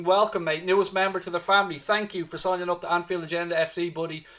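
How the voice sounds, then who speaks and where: An Irish man from Dublin calls a football match live for a fan stream, his voice bright and forceful and a bit higher than most men's. He talks animatedly and swears freely, and he keeps pushing viewers to stay positive. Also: steady tone, quick pace, hardly any pauses. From Ireland. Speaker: fan watchalong host. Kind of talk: live match commentary and chat.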